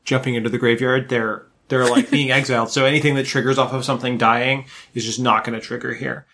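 Young man with a bright, stammering delivery. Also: mid-range voice, flat delivery, quick pace, a little hiss or hum. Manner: stammering, eager. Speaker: podcast co-host. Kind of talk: casual rules discussion.

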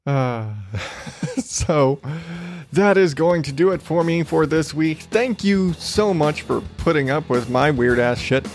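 A man's voice: fairly high pitch, animated, slow pace, over music. A man hosting a podcast in a casual monologue, ranting with lots of swearing and laughter. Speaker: podcast host.

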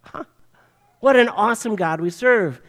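High-voiced older man preaching a sermon. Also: unhurried. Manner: animated storytelling preacher. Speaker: pastor.

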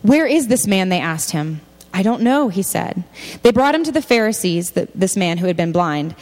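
A woman's voice: medium pitch, sing-song, normal speed, darkish tone. A woman giving a sermon, reading scripture aloud and stopping to comment directly to her listeners. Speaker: speaker giving a faith talk. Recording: long hall reverb.

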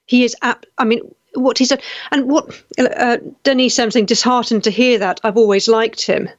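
A woman hosts a live talk show as casual stream commentary, reading viewer comments with indignation and frequently restarting her sentences. Her voice is on the high side with fairly even intonation, and the recording is dry and dull.

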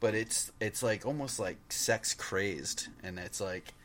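Deep-voiced man, hesitant podcast co-host. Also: slow, fairly bright tone, slight background noise. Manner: hesitant, restarts often. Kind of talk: casual comic book discussion.

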